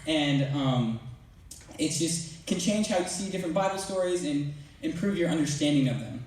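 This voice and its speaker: A teenage boy gives a loose, filler-filled talk to his church youth group, retelling stories in a relaxed, chatty way. His voice sits a little high. It echoes strongly through a big hall, picked up from some distance away. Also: normal speed. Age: teens. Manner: casual, rambling, filler-heavy. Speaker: student speaker at church youth service. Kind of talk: youth talk with playful retold dialogue.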